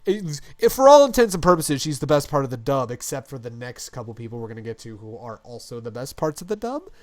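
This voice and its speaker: A young man co-hosting a podcast in casual chat, excitable and gushing, swearing freely as he talks. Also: mid-range voice, quick pace. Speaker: podcast co-host.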